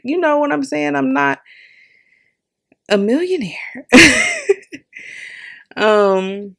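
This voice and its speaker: Young female podcaster, storytelling monologue, candid, animated, lots of laughs. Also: medium pitch, takes it slowly, gravelly, pauses often. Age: young adult. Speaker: podcast host. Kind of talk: personal storytelling.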